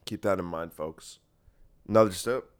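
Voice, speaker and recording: A man's voice: deep voice, moderate pace, smooth. A man hosting a solo podcast, talking in a rambling, profane and sarcastic way while congested. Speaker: podcast host.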